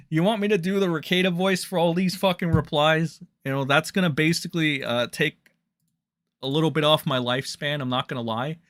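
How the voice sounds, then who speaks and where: Male streamer, bright edgy tone, rambling and foul-mouthed, exasperated reaction commentary. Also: on the high side.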